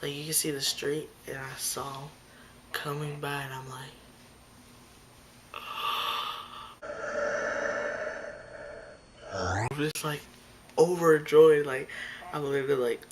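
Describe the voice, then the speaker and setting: A woman's voice: low voice, moderate pace, a little mellow, slight background noise. A young woman vlogger telling a story to her camera in a chatty way, full of "like" and acted-out lines. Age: young adult. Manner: chatty, fillers like "like", acts out her own lines. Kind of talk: storytime vlog. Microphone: phone or camera close by.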